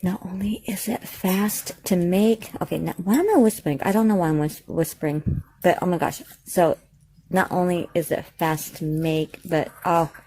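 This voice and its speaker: Her voice is lowish and dark in tone, at a moderate pace. She's making a home cooking vlog in her kitchen, chatting away loosely and restarting sentences often between frequent fillers.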